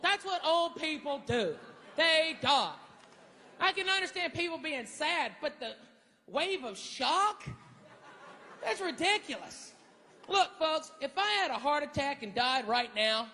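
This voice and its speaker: A man's voice: extremely high pitch, expressive, a little slow, pushed and bright, in a large hall. A man doing stand-up on a club stage, blunt and mocking, on a handheld mic. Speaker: stand-up comedian. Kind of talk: stand-up routine. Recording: live club set with audience noise.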